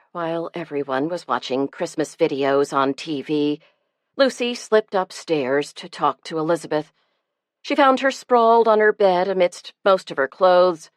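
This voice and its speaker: Low-voiced woman reading a cozy audiobook. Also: no room sound, studio quality. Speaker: audiobook narrator. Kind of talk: scripted narration.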